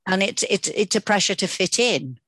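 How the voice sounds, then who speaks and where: A woman's voice: mid-range voice, animated, moderate pace, fairly bright tone, husky, no echo. A woman co-hosting a podcast, talking in an earnest, chatty way with many fillers and restarts. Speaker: podcast co-host. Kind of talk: casual podcast chat.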